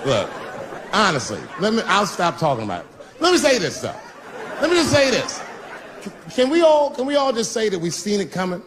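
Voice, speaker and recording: A middle-aged man doing a live stand-up routine, punchy and profane, swinging between loud bursts and low asides. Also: huge pitch swings, brisk, some chatter behind. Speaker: stand-up comedian. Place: comedy stage before a live crowd. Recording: noisy live stage recording with audience.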